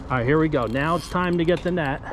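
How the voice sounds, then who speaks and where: Out of breath on a riverbank, a fishing vlogger films himself landing a fish and gives live play-by-play, coaching and explaining to viewers he calls "guys." His voice is fairly high and he talks fast over background noise.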